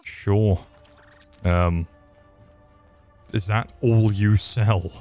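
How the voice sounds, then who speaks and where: A man's voice: fairly low pitch, steady tone, drawn-out words, warm tone, soft background music. Crude joking gamer man. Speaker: gaming streamer. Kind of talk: profane comedic gameplay commentary.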